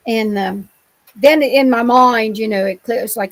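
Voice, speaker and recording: Middle-aged woman guest, gravelly voice, homespun and rambling storyteller. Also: on the high side, unhurried, no echo, poor audio. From Ohio. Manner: rambling, colloquial, many restarts. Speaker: interview guest. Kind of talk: telling personal encounter stories.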